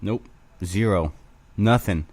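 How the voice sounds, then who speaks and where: A man's voice: on the low side, slow pace, darkish tone, no room sound. A man hosting his own show alone, rambling crudely with self-mocking humor. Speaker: podcast host. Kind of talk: casual solo rambling.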